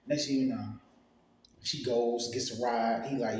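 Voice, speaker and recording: A man's voice: medium pitch, fairly even intonation, a little slow, slight background noise. A young man casually telling a storytime tale in loose, profane slang, acting out the people he quotes. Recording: very echoey room, faint ambience.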